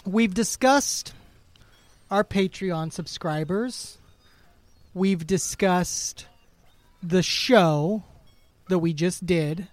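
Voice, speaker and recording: A man's voice: sits high, extremely slow, long pauses, dry recording. A man co-hosting a podcast, chatty and giggly, with many fillers. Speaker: podcast co-host. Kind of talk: casual chat.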